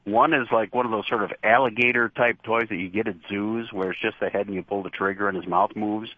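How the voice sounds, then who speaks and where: A middle-aged man, a horror show host giving relaxed, chatty interview answers and laughing easily. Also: on the low side, a little fast. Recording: dull lo-fi dry line.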